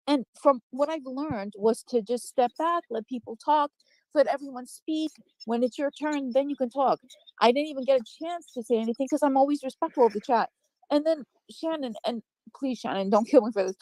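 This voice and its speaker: Woman guest on a stream panel; defensive, rambling, apologetic; voice sits a bit high, dry close mic. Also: moderate pace, darkish tone, dry recording, low-quality recording. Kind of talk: live-stream panel chat.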